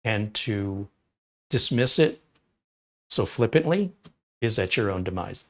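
A man's voice: lowish voice, lively intonation, slow pace, pauses often, fairly bright tone. A man hosting a live tech stream, reading viewer chat and giving opinionated, enthusiastic answers. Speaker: livestream tech host.

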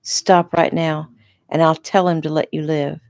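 A woman's voice: low voice, little pitch movement, a little slow, a little mellow, no echo, studio quality. A woman reading the part of a frightened young woman who pleads urgently in an audiobook. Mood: frightened pleading.

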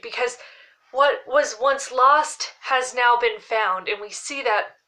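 Speaking to camera, a woman who is a Bible teacher and show host leads a casual devotional Bible talk. Her voice is on the high side, bright and forceful, and she's earnest and heartfelt, using "like" a lot.

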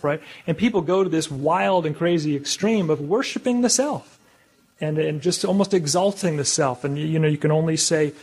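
A man delivering a religious public talk, asking his listeners questions and slowing down to stress key words. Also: on the high side, a little mellow, husky. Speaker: public speaker.

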